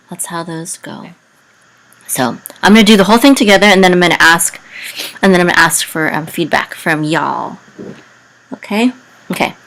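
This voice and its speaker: A woman teaching a lesson in a slow, hesitant way, with many ums, who sings some words in a high, drawn-out chant. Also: creaky, a bit bright, low-quality recording. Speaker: Hebrew teacher.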